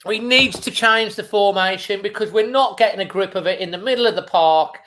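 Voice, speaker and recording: A man's voice: high voice, a little fast, pushed and bright. Male fan host, live match reaction, exasperated running commentary. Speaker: football fan channel host.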